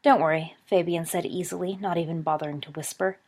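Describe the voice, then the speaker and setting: Woman narrating a story, low steady voice. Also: quick pace, slightly rough. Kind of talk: audiobook reading of fan fiction.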